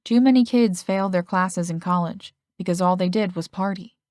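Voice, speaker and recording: A woman's voice: fairly low pitch, normal speed, a little mellow, no room sound, studio quality, lightly acted. A woman voicing an affectionate, practical middle-aged mother in an audiobook.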